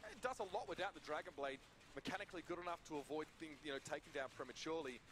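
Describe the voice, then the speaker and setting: A man's voice: a little high, very fast, noisy background. A man with an Australian accent doing live esports play-by-play, wordy with dramatic turns of phrase. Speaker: esports caster. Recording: archived broadcast with clear arena ambience.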